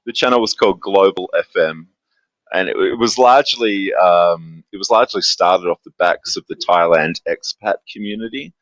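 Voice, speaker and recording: A man's voice: sits low, normal speed, a bit bright, no room sound, low-quality recording. A man telling a story in casual live-stream chat, bluntly and with frustration, with swearing and many fillers. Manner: uses filler words often. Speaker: guest.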